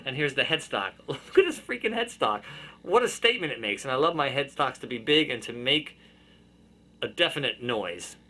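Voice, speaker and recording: A man's voice: mid-range voice, big pitch swings, moderate pace, bright, forceful tone, faint music behind. A man hosting his own video podcast, chatting to camera in a playful, self-amused way, recorded on a built-in camera mic. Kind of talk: casual chat to camera.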